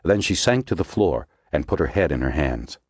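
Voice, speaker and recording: Low deep guy reading an audiobook, lots of ups and downs, dead dry mic. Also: very animated, moderate pace, no echo. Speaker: audiobook narrator. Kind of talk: scripted narration.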